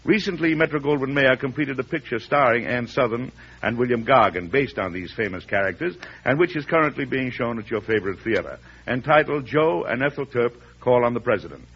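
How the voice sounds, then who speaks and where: A man's voice: medium pitch, expressive, a little fast, breathy edge. A man announcing in formal, declamatory style for a 1930s radio show. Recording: dull old radio with faint hum.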